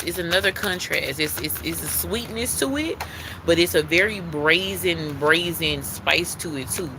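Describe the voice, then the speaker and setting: A man's voice: a little high, vocal fry, background noise. A man giving a live-streamed spiritual tarot card reading, talking in an earnest, repetitive way that leans on emphasis like a preacher.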